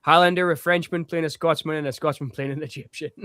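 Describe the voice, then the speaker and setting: Man, co-host, casual film chat, enthusiastic, rambling, laughs a lot, fairly high voice, dry sound. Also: steady tone, brisk, a bit bright, no room sound.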